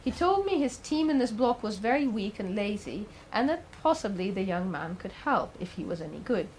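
A woman's voice: medium pitch, sing-song, moderate pace, a little mellow, slight background noise, poor audio. A woman giving a talk, telling a story in a conversational way with the odd filler and questions to the audience. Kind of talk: storytelling lecture.

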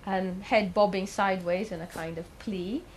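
A woman's voice: medium pitch, fairly even intonation, moderate pace, a little hiss or hum, poor audio. A woman giving a talk, telling a story in a conversational way with the odd filler and questions to the audience. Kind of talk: storytelling lecture.

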